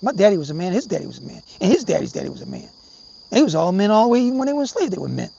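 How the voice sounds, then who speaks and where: Gravel-voiced man ranting on a livestream. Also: sits high, wildly swooping pitch, rapid-fire, dark tone. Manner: profane, rambling, addresses viewers as brothers. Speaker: livestream host. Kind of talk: casual livestream talk. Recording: slightly dull, faint background hiss.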